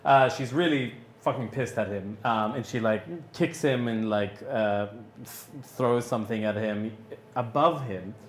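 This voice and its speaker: A man narrating a tabletop game as game master, halting with many fillers and restarts. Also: fairly low pitch, echoey room, slight background noise.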